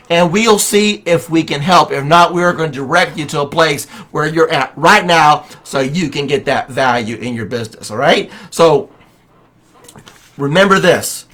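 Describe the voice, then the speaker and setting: A man's voice: a little high, a bit bright. A man coaching real estate agents on a livestream, speaking energetically and preachily and firing rhetorical questions at his viewers. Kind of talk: motivational livestream talk.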